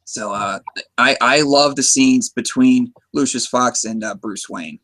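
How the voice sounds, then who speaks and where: An American man chatting eagerly about a film as a podcast host. His pitch sits in a middle range, and he often restarts his sentences as ideas come to him. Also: a little slow, fairly bright tone, slight background noise. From United States. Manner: chatty, enthusiastic, many restarts. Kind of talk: casual movie discussion.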